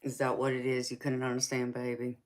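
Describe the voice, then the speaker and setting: A woman's voice: extremely low pitch, monotone, brisk. A woman hosting a casual live stream as a tarot reader, chatting and teasing viewers, calling them honey and baby and laughing often.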